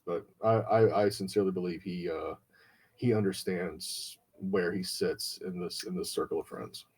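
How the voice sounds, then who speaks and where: A man on a podcast tells a long story in casual, profane chat. His voice sits a little low, and he switches into his friends' voices when he quotes them. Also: steady tone, moderate pace, darkish tone, slightly rough. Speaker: podcast host.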